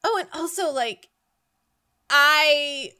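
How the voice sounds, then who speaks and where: A woman's voice: sits high, takes it slowly, sharp tone. A woman co-hosting a casual chat, recapping with wry, dry jokes. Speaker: podcast co-host.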